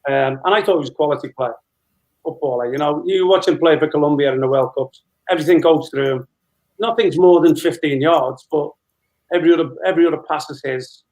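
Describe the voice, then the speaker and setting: Man in his fifties, fairly high voice, laughing storyteller, casual interview guest. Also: a little fast, rough recording. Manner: laughing, animated anecdote-telling. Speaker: former footballer, guest.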